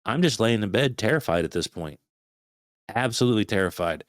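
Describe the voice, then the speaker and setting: A man in his thirties, a podcast guest, telling a frightening personal story in casual, swearing, animated talk. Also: on the low side, a little fast, no room sound, clean studio sound. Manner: swearing, animated retelling of a scary night.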